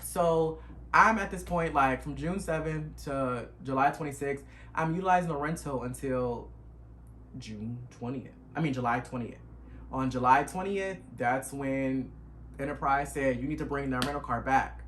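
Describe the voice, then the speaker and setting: A young man, retelling a stressful road trip in an animated, emotional storytime vlog. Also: medium pitch, normal speed, slight background noise. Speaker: vlogger. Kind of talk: casual storytime.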